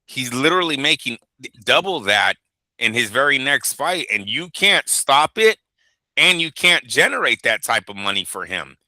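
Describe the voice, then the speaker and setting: A man's voice: medium pitch, big pitch swings, normal speed, sharp tone, no echo. A man co-hosting a boxing talk show, chatting casually and profanely, rambling through stories and acting out quotes. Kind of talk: casual podcast chat.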